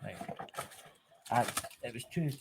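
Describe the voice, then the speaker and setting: A man's voice: unhurried, very noisy. A Scottish man co-hosting a casual chat show, ranting animatedly and swearing freely. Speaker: podcast co-host.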